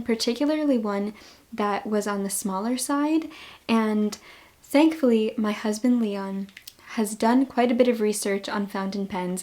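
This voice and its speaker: A woman's voice: medium pitch, darkish tone. A young woman with a Long Island accent chatting casually in a haul vlog, gushing and laughing often. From New York. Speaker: book vlogger.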